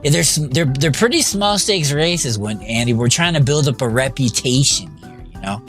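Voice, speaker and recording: A man live-streaming a game, thinking out loud and answering his chat as he goes. His pitch swings up and down a lot while he talks, and faint music plays behind him. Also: expressive, moderate pace. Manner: scattered, self-talking, reacting to chat. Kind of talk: casual live-stream commentary.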